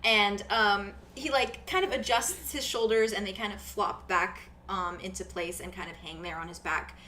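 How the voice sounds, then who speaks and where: A woman's voice: medium pitch, fairly even intonation, normal speed, sharp tone, a little hiss or hum. A woman narrating as game master, chatty and full of fillers like "um" and "like". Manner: chatty, lots of fillers and likes.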